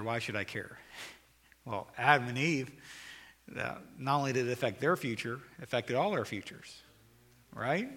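Bright-voiced preaching man in a reverberant hall. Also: medium pitch. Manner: preaching, swings from loud urgent calls to quiet earnest appeal. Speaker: pastor. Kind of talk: sermon.

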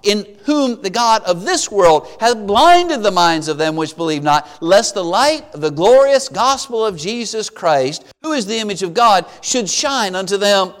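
A man preaching a sermon, retelling a Bible story with lively acted-out voices. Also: high voice, a little slow, few pauses, long reverb tail. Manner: animated storytelling, acting out voices of biblical figures.

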